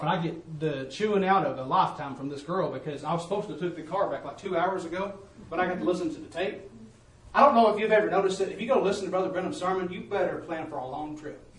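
A man preaching a testimony sermon and calling out to the congregation, switching between loud bursts and hushed asides. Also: a little high, reverberant, distant mic, poor audio.

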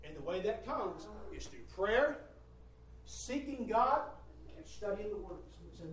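Guy preaching a sermon, loud then soft, repeats himself, echoey hall, mic far away. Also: high-pitched, big pitch swings, measured pace, a little hiss or hum. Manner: emphatic, rising and falling, repeats phrases. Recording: roomy hall from a distant mic, faint ambience.

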